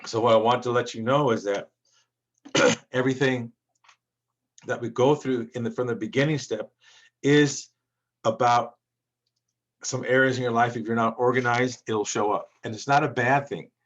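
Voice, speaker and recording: A man's voice: medium pitch, fairly even intonation, moderate pace, pauses often. Rambling man with dull lo-fi sound. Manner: rambling, repetitive, with many restarts. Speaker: business credit coach. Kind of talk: motivational monologue.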